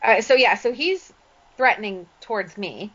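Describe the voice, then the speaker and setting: A woman co-hosting a podcast, telling a story in a lively, laughing way. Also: mid-range voice, moderate pace. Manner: animated storytelling with frequent laughs. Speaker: podcast co-host. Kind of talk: casual chat. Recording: dull lo-fi audio.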